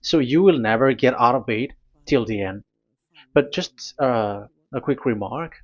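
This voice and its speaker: A man preaching a sermon, speaking in halting, deliberate phrases that break into sudden emphatic bursts. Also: medium pitch, highs cut off.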